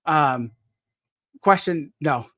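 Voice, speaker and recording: A man hosts a casual live chat in a fairly high, very slow voice that sounds pushed and bright. He's polite and hesitant, often restarting sentences, and the studio-quality recording has no echo.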